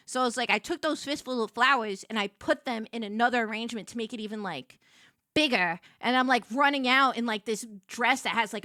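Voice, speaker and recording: A woman streamer telling a story to her live chat, animated and quick to get loud when excited. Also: fairly high pitch, no room sound, studio quality.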